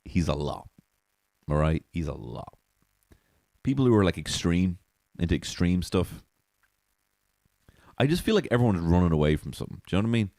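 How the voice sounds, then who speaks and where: A man's voice: deep voice, big pitch swings, moderate pace, creaky, pauses often, a little mellow, no room sound, clean studio sound. A man hosting a comedy podcast alone, rambling, swearing and laughing at his own jokes from a small alcove. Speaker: podcast host. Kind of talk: solo comedy podcast monologue.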